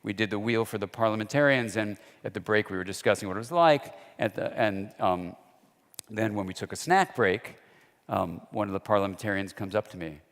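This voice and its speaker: This lecturer's voice is lowish and a bit bright, and he moves along fairly quickly, telling anecdotes conversationally and acting out quoted lines. The recording carries long hall reverb.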